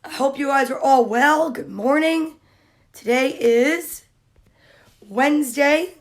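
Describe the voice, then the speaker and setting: A woman with a high, clear voice hosts a daily livestream for kids from a room at home during quarantine, with a webcam-style feel. She speaks unhurriedly, chatting upbeat and casual with viewers and greeting them by name.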